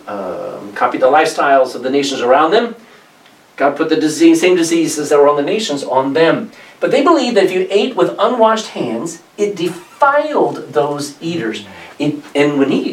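A man preaching a sermon, reading scripture aloud and explaining it with lively asides. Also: fairly high pitch, reverberant, distant mic, poor audio.

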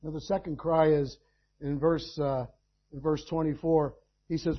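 A man preaching a sermon, telling stories and then rising in loud bursts of emphasis. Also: on the high side, little pitch movement, measured pace, dull audio. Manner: preaching with sudden loud climbs.

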